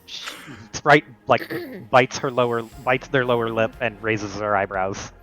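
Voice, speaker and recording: Male game master, loose filler-heavy narration, middle pitch, soft music bed. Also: unhurried, poor audio. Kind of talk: narrating a tabletop role-playing game.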